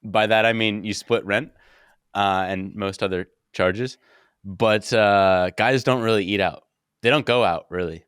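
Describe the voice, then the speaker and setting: A man's voice: lowish voice, steady tone, measured pace, a bit bright, smooth, no room sound, studio quality. A young man co-hosting a podcast in casual chat, rambling and joking with playful analogies. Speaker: podcast co-host.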